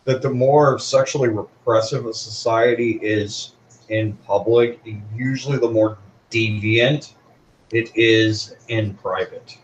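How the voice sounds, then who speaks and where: A man's voice: medium pitch, fairly even intonation, slow, a little hiss or hum. A man in casual chat making wry, pedantic remarks. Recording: distant, muffled, roomy mic.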